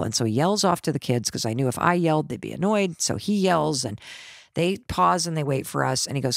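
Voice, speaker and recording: Middle-aged woman host, lowish voice, lively storyteller who acts out dialogue, dry sound. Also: a little fast, gravelly, no room sound. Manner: animated, acts out quoted family dialogue. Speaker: podcast host. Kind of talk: personal storytelling.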